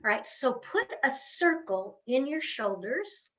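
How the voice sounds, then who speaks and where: A woman voice coach leading a guided vocal warm-up over a webcam, giving encouraging step-by-step instructions with long hums. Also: high-pitched, big pitch swings, takes it slowly. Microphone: webcam on a video call.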